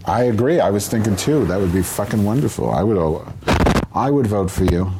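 A man's voice: on the low side, lively intonation, fairly quick, heavy background noise. A man co-hosting a casual chat, sarcastic and given to mock-offended banter. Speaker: podcast co-host.

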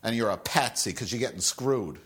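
A man's voice: on the low side, a little fast, fairly bright tone, slightly rough. A man hosting a solo podcast, ranting angrily and profanely with sarcastic, rambling asides. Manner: angry, sweary, sarcastic. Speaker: podcast host.

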